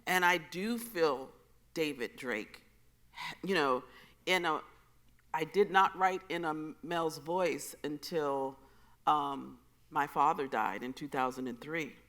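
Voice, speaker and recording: A woman poet speaking on a festival panel, earnest, emphatic and expressive. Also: low-pitched, takes it slowly. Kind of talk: panel conversation. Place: festival stage.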